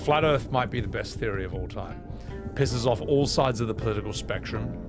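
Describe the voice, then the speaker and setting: A man's voice: lowish voice, a little fast. A man streaming a game, rambling casually to chat with plenty of swearing, game music behind him.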